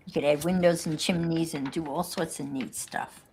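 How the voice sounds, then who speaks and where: A woman's voice: deep voice, steady tone, moderate pace, vocal fry, a little mellow, slight background noise. A woman chatting casually on a craft livestream, wry and joking. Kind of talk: casual chat.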